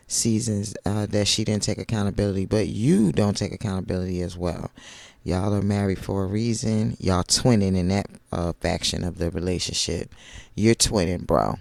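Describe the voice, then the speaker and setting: Sassy low gravelly man recapping TV. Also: darkish tone, dry recording. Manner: sassy, blunt, talks back at the show's cast. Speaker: TV recap commentator. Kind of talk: casual recap commentary.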